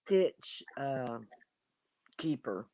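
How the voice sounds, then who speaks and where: A woman chatting casually while crocheting on a live stream, relaxed and self-deprecating. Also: extremely low pitch, very slow. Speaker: crafter co-host.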